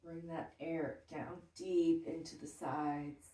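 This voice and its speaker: A woman guiding a yoga class with slow, soothing breath cues. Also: deep voice, steady tone, dark tone, far from the mic. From Texas. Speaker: yoga teacher. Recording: roomy sound from off the mic.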